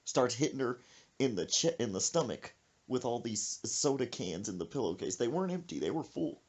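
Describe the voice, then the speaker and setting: A woman's voice: extremely low pitch, normal speed, husky. A woman hosting a podcast, telling a comic story with sound effects and laughter. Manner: animated, laughing between lines, sound effects. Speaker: podcast host. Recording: muffled lo-fi podcast audio.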